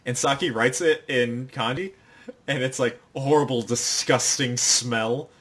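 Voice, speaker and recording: Young male podcast co-host, mid-range voice, loose rambling delivery, quick put-on character voices. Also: mid-range voice, a bit bright. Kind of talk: casual chat, recapping an anime episode.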